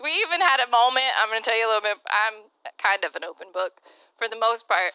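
A woman's voice: on the high side, fast talker, sharp tone, clear, resonant tone, no room sound. A woman pastor preaching a candid sermon, laughing often and acting out the voices she quotes.

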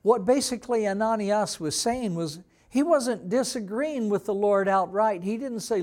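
A man preaching a sermon as pastor, teaching slowly and acting out quoted lines with dramatic emphasis. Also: high-pitched, a little mellow. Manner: slow, deliberate teaching with dramatic voiced quotes. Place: church.

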